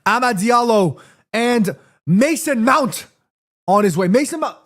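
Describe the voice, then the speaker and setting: A man streaming a football watchalong, calling the play live and chatting to his viewers in an excitable, slangy way. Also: extremely high pitch, a little slow. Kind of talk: live play-by-play commentary and chat.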